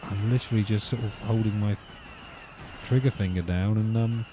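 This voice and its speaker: A man's voice: fairly low pitch, steady tone, moderate pace, noisy background. A man hosting a let's play, rambling through wry, ranting commentary while he plays.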